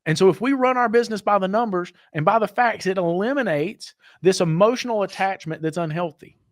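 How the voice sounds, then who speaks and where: A man's voice: high voice, brisk, dry recording, studio quality. A man co-hosting a casual business podcast, telling anecdotes and acting out the people in them. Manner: animated, acts out voices in anecdotes. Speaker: podcast co-host. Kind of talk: casual storytelling chat.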